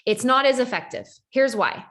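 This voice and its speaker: Upbeat lady coaching her team, kinda high voice, lots of "like" and "right?". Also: normal speed. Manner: animated, acts out quoted voices, frequent "like" and "right?". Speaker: network marketing team leader. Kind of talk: motivational coaching talk on a call.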